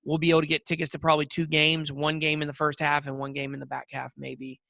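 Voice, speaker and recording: A man's voice: on the high side, completely flat delivery, fast, vocal fry, pushed and bright, dry recording, studio quality. A man co-hosting a podcast, telling rambling, jokey stories with lots of fillers. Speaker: podcast co-host. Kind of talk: casual chat.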